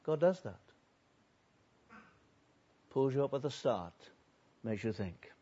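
A man preaching a sermon earnestly, building loud on repeated lists and then dropping low and quiet. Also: sing-song, slow pace, husky, muffled recording.

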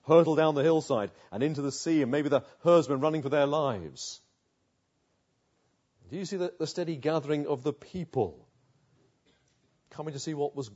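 Husky-voiced preacher asking vivid questions. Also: male voice, on the high side, a little mellow, muffled recording. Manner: vivid, questioning, rhetorical build-up. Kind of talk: sermon.

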